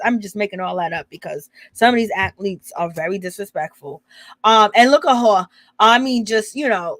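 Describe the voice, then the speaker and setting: A woman talking over a reality show with a fairly high voice and a gossipy, teasing manner. She keeps turning to her viewers with slangy asides. The sound is close and dry, with no room around it. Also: a bit bright, dry recording. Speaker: reality TV recap host. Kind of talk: casual commentary on a reality show.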